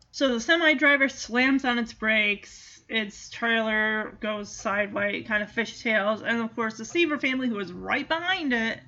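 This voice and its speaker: A woman giving a chatty, animated casual recap of a movie, with asides to the listener. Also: a little high, lo-fi sound.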